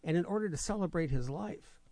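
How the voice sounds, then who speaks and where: A male radio host chatting in a rambling, joke-telling way, often stammering and restarting. His voice sits on the higher side and the sound is dry and close. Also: expressive, a little fast, dark tone, no room sound. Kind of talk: radio talk show chat.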